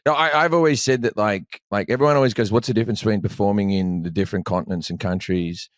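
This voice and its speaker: A man's voice: fairly low pitch, fast talker, dry recording. A man, a comedian chatting as a podcast guest, telling rambling stories and swearing freely. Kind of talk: casual podcast chat.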